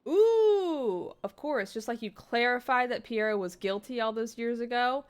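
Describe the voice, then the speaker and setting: A woman's voice: fairly high pitch, lively intonation, unhurried, clean tone. A woman voicing a proud, defiant young male artist with curt, sarcastic retorts. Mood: resentful.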